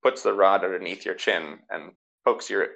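Deep, gravelly game master. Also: male voice, fairly bright tone, poor audio. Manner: halting, filler-heavy narration. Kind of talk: narrating a tabletop game.

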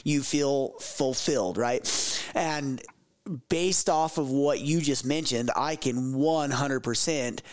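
Podcast host guy, mid pitch, lots of ums, long winding questions. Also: slow. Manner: affirming, rambling questions with fillers. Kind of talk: podcast interview.

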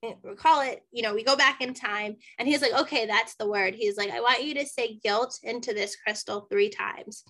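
A woman's voice: on the high side, normal speed, few pauses. A woman guest on a podcast telling a personal story in casual chat, acting out the dialogue and often saying "like". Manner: animated, acts out dialogue, many "like" fillers.

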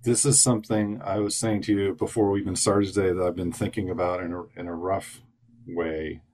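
A man's voice: low voice, little pitch movement, fairly quick, darkish tone. A man who is a psychologist, a guest on a podcast, explaining his ideas thoughtfully and reflectively. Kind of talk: podcast interview.

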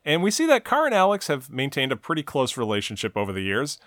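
A man's voice: medium pitch, wildly swooping pitch, fast, fairly bright tone, no room sound. A man with a mid-range voice, recapping an episode in long, run-on stretches of plot. The sound is dry and close, with no room around it. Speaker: podcast co-host recapping a TV episode. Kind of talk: casual recap chat.

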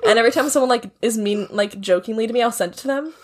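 Husky high-voiced young woman chatting. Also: racing. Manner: giggly, swears freely, tells animated anecdotes. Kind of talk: casual chat.

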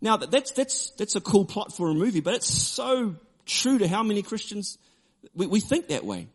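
A man preaching a sermon, emphatic and repetitive, shifting between forceful declarations and quieter storytelling. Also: high voice, big pitch swings, moderate pace. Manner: emphatic, repeats key phrases, drops to quiet storytelling. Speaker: pastor.

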